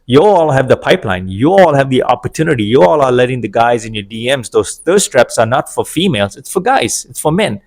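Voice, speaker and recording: A man's voice: medium pitch, big pitch swings, a little fast, few pauses, a little mellow. A middle-aged man giving an opinionated, sarcastic monologue about dating, wandering into digressions. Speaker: vlogger. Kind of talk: casual monologue to camera.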